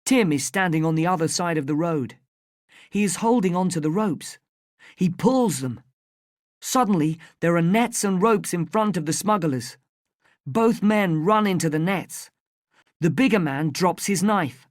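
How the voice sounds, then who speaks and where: Slow, careful woman narrating a story. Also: fairly low pitch, animated, a little mellow, no echo, clean studio sound. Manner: clear, careful, evenly paced first-person telling.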